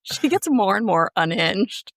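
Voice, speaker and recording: A woman's voice: mid-range voice, measured pace, gravelly, no echo, studio quality. A woman guest on a podcast, retelling episode scenes in a casual, chatty way. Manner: lively, chatty storytelling. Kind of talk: casual recap chat.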